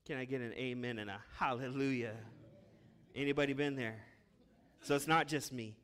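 A man preaching a sermon as a pastor, with impassioned delivery that swings between loud urgent bursts and hushed asides. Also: mid-range voice, steady tone, moderate pace.

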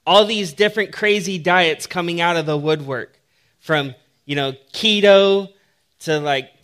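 A man's voice: sits high, a bit bright. A man preaching a sermon in a conversational, humorous way that builds to emphatic points.

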